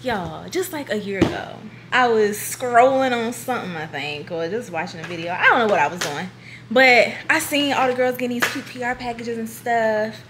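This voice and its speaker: A young woman chatting casually on her vlog, excitable and giggly, repeating herself as she talks. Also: a little high, normal speed, music in the background. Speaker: beauty vlogger.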